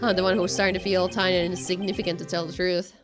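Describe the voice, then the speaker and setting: A woman voicing a weary young male defense lawyer in a dry, lowered voice, reading game dialogue. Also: little pitch movement, fast, over music, natural voice. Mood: wry.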